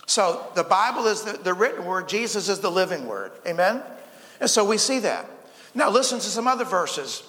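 A pastor with a high-pitched voice preaches in a folksy, easygoing manner, stumbling over repeated words and slipping in small jokes. His voice rings out with a long reverb, like a church sanctuary. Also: expressive, normal speed, bright, forceful tone. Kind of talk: sermon.

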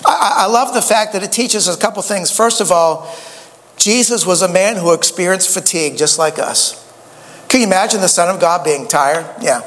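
A man's voice: high voice, moderate pace, a bit bright, big-room sound. A man preaching a sermon, a folksy storyteller who often stammers and restarts his sentences. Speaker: pastor.

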